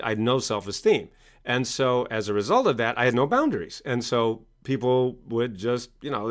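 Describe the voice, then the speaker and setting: A man, a coach and speaker, answering in an interview with lively storytelling. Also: medium pitch. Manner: animated storytelling, acts out quoted parents loudly.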